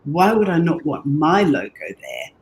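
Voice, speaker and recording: An earnest woman guest tells her story in a relaxed interview. She talks haltingly, doubling back on words as she thinks, and her pitch jumps up when she gets excited. A faint hiss sits under her voice. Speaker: guest, brand designer.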